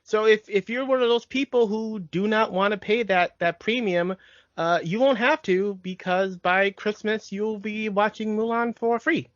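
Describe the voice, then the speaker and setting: A man's voice: high voice, moderate pace, a bit bright, no room sound. A man co-hosting a nostalgic podcast in casual chat, rambling and often restarting his sentences. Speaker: podcast co-host. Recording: dry, dull lo-fi podcast mic.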